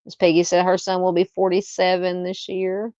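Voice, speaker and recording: A woman's voice: lowish voice, monotone, normal speed, a little mellow, no room sound, dull audio. Chatty Southern woman reading viewer comments. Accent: Southern American. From American South. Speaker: livestream host. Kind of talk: casual live-chat.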